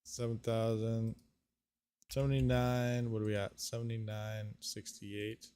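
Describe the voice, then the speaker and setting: A man hosting a live stream, thinking aloud through calculations with excitable bursts and laughs. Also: fairly low pitch, unhurried, clear, resonant tone. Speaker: crypto mining streamer.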